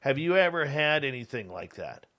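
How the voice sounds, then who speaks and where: A man hosts a radio talk show, putting questions to his guest and passing along ones from listeners. His voice sits mid-range and sounds bright and forceful. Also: medium pitch, very animated, normal speed.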